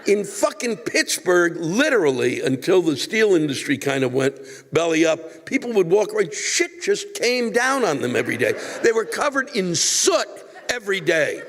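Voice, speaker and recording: A man's voice: sits high, very animated, moderate pace, big-room sound. An older man, a comedian, ranting with profanity and exasperated outbursts while answering a viewer letter.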